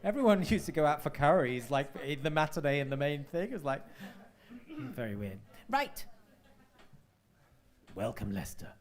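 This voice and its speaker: A man compering a live showcase on a club stage, talking in a teasing, gushing way. His voice sits fairly high and swoops about with lively pitch. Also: normal speed, pauses often. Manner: chatty, gushing, jokey. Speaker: host.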